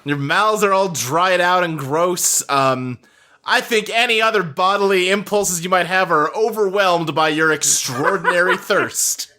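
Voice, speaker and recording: A man's voice: high-pitched, unhurried, pushed and bright. A man acting as game master, narrating a tabletop role-play game bluntly and wryly.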